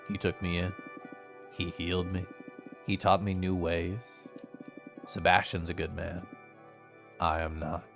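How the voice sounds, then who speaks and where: A man voicing a regretful game protagonist in a hushed, self-reproaching tone while reading the game's dialogue aloud. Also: deep voice, little pitch movement, measured pace, gravelly, pauses often, over music, voice pushed down. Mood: brooding.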